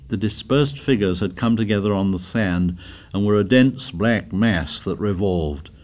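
A man narrating a story in a measured, dramatic reading. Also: lowish voice, a little mellow. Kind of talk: scripted narration.

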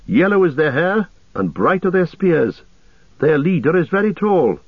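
A man voicing a keen-eyed young male elf who speaks brightly and precisely. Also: fairly high pitch, sing-song, unhurried, husky, no room sound, pitched above the performer's own voice, full character voice. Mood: eager, keen. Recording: tinny narrow-band radio sound.

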